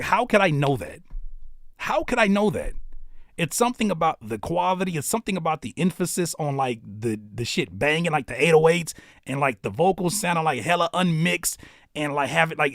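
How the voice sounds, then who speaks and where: A man's voice: mid-range voice, no echo, clean studio sound. Laid-back man giving casual music critique. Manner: laid-back, conversational, slangy, thinks aloud with restarts. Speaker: host reviewing viewer music on a livestream.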